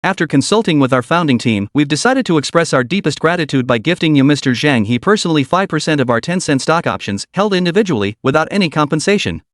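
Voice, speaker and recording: A man's voice: fairly high pitch, animated, fast talker, hardly any pauses, no echo, studio quality, lightly acted. A man voicing an earnest, solemn male company founder in a storybook recap.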